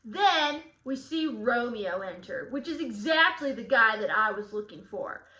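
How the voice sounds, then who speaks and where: A woman's voice: a little high, animated, unhurried, bright, forceful tone, voice pushed down. A woman playing cocky young Tybalt, teaching. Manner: slangy, sarcastic paraphrasing. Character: brash young male swordsman Tybalt, cocky and touchy. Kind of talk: in-character guided study. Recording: echoey room.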